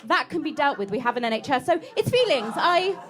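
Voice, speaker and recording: A woman's voice: high-pitched, very animated, brisk. A woman, doing a chatty, self-mocking stand-up set and teasing the crowd in a comedy club. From England. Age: 30s. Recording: live club recording with audience noise.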